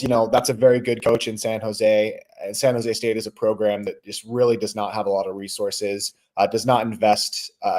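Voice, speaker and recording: A man's voice: medium pitch, a little mellow. Chatty man hosting a sports podcast. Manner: rambling and conversational, with many ums and restarts; answers viewer chat mid-thought. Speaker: podcast host. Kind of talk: casual live-stream sports chat.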